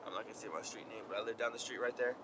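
A young man chatting casually as he tells a story outdoors on a windy day, animated and slangy. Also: lowish voice, very fast. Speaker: vlogger. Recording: lo-fi outdoor recording with traffic noise. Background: wind and passing traffic.

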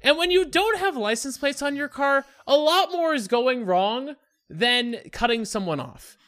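A man co-hosting a podcast, telling a profane story in casual chat and acting out shouted quotes. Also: very high voice, expressive, a little slow. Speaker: podcast co-host.

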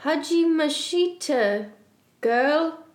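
Woman reading as a chirpy gossip girl, teen, higher voice, echoey room. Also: measured pace, lightly acted. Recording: roomy echo.

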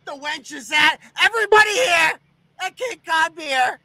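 A man's voice: very high-pitched, lively intonation, a little slow, sharp tone, voice pushed up, heavily acted. A man mocking a shrieking hysterical woman. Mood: hysterical wailing. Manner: shrieking, wailing mockery. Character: hysterical, sobbing, melodramatic woman.

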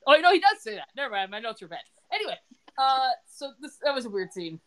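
A middle-aged woman hosting a relaxed podcast, recapping a TV episode in a chatty, joking way. She moves through scenes quickly and quotes characters' lines along the way. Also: sits high. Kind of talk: casual chat.

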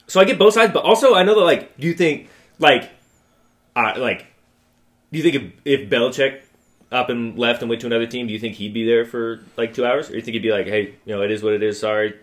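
A young man in a casual podcast chat, talking at a middling pitch as he thinks aloud. His sentences wander and fill up with "like" before he lands his point. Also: fast, a bit bright. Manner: rambling, filler-heavy with lots of "like". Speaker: podcast co-host.

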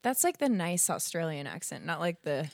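A woman's voice: low-pitched, big pitch swings, normal speed, creaky, darkish tone, no echo. A woman in casual comedy chat, giggly and playful as she jokes with friends.

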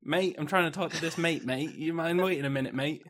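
Man doing a rude barista, mate-obsessed, impatient, gruff, rough comic voice. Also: a little high, brisk, noisy background, pitched above the performer's own voice, lightly acted. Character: grumpy male barista who says mate constantly.

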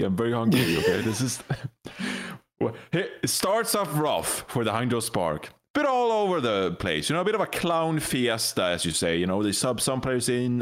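Playful male panelist who spins a joking story. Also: medium pitch. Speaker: esports panelist. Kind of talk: casual esports analysis chat.

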